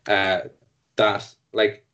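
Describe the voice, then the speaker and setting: A man's voice: lowish voice, level tone, drawn-out words, a bit bright, muffled recording. A man narrating as game master of a tabletop game, rambling and self-deprecating, with lots of fillers.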